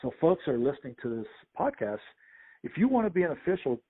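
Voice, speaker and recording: A man's voice: a little high, quick pace, slightly rough. Middle-aged man telling stories over a tinny phone line. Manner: lively anecdotes, acts out the voices of others. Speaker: sports official, podcast guest. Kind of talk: conversational storytelling interview.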